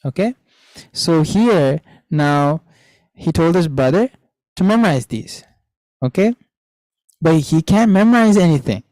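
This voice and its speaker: A man's voice: fairly high pitch, lively intonation, unhurried, long pauses, darkish tone, no echo, rough recording. A young man teaching children an online class, telling a story and asking them questions, repeating the key lines. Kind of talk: storytelling lesson to kids.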